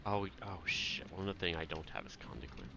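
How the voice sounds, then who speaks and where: A man's voice: low voice, quick pace, gravelly, noisy background. A man streaming an online game, muttering to himself and calling out raid mechanics in casual commentary.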